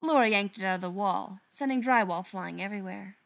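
A woman narrating a story aloud in an expressive storytelling manner. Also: mid-range voice, brisk, gravelly. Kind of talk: reading fan fiction aloud.

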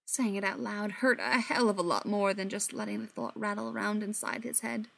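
A woman reading audiobook narration in an even, measured way. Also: mid-range voice, vocal fry. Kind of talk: scripted narration.

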